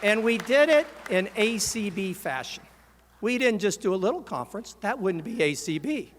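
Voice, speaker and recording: An American man, an organization's president, gives a convention speech in a large hall and rouses the crowd to shout and chant. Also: sits high.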